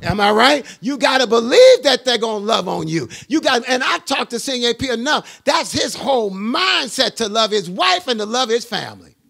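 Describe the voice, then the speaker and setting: An older man, a bishop, preaching a sermon into a handheld mic in a church with call-and-response, often rising to a shout. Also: very high-pitched, big pitch swings, normal speed, creaky, few pauses.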